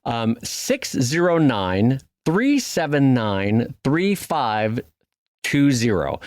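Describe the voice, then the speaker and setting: An American man co-hosting a podcast, chatting in a lively, upbeat way and plugging the show. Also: mid-range voice, drawn-out words, dry recording, studio quality. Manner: animated and chatty, upbeat plugs. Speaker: podcast co-host. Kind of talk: casual chat.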